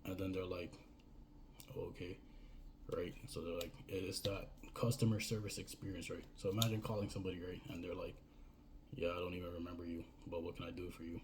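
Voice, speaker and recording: Brief: man, even low delivery, chatty coaching monologue, keeps checking in with "right?". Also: fairly quick, background noise. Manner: rambling, repeats "right?" and "you know". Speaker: business coach. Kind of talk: casual advice monologue.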